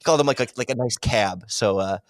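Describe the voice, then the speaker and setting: A man in casual football analysis chat, talking in quick animated bursts as a podcast guest. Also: medium pitch, no room sound. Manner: animated, quick, breaks into mock impressions. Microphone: remote call microphone.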